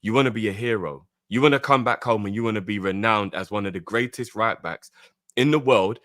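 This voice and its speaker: A man's voice: lowish voice, fairly quick, fairly bright tone, dry recording, clean studio sound. A man co-hosting a fan talk show, arguing heatedly and repeating his points insistently. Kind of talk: heated debate, arguing the club's side.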